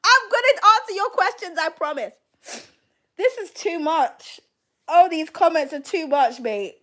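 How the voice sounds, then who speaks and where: A woman's voice: extremely high pitch, animated, measured pace. A young woman hosting a live tarot reading, chatting casually as she reads comments, laughing often and swearing freely. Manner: giggly, swears freely, loud outbursts.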